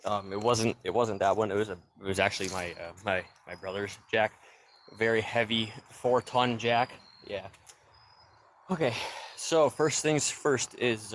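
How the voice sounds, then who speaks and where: A man's voice: on the low side, normal speed, a bit bright, soft background music. Out-of-breath man streaming outdoors. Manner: loose, rambling, greets viewers by name. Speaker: livestreamer doing car repair. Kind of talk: casual livestream chat. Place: backyard, outdoors.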